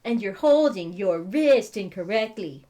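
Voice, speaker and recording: Give me a woman reading a quiet young female assassin coaching someone. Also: mid-range voice, animated, measured pace, natural voice. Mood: instructive. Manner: quiet, instructive.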